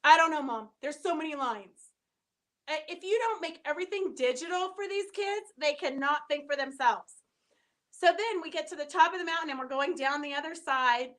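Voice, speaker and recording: A woman's voice: sits high, fairly quick, fairly bright tone. A middle-aged woman chatting casually on a live stream, answering viewer comments and telling stories with lots of fillers. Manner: chatty, storytelling, many fillers.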